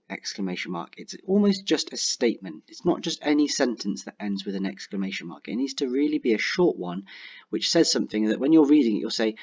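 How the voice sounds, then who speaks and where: A young man teaching a writing lesson online, talking clearly and encouragingly and slowing down to dictate example sentences. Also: medium pitch, big pitch swings, muffled recording. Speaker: primary school teacher.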